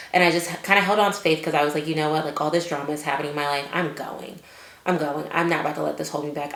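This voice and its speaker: A woman with a low-pitched voice tells a personal story in a casual vlog style. She is chatty and animated, with plenty of fillers and quoted inner thoughts. The sound carries a roomy echo. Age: adult with children. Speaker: vlogger.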